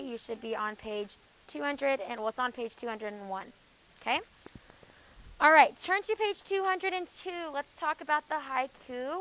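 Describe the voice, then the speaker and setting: Lady teacher going over stuff with her class, kinda high voice, says okay a lot, um and uh everywhere. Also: a bit bright, low-quality recording. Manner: explains with frequent "okay?" checks and fillers, stern asides to students. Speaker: high school English teacher. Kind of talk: classroom lecture.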